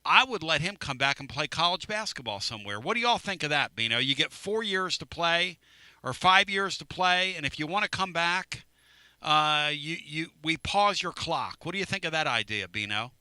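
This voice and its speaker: A man's voice: fairly high pitch, expressive, moderate pace, pushed and bright, smooth, no room sound. A man hosting a sports talk radio show, teasing his co-hosts and rambling through stories in a casual way. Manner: brash, rambling, teasing storyteller. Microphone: studio microphone.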